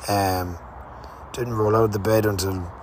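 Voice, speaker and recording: A man's voice: lowish voice, steady tone, a little slow, noisy background. A young man hosting a podcast, telling a rambling, casual travel story with fillers and the odd swear word. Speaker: podcast host. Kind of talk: casual spoken travel diary.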